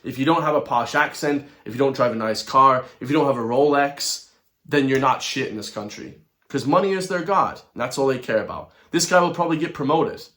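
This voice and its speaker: A man's voice: medium pitch, fairly quick, a bit bright. An Irish man hosting a commentary channel, ranting to his viewers in a heated, blunt and profane way. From Ireland.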